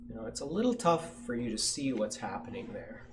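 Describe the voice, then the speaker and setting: A man's voice: medium pitch, brisk, hardly any pauses, slight background noise. A man at a science center reading a picture book aloud to children and asking them questions. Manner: lively storyteller, asks kids questions.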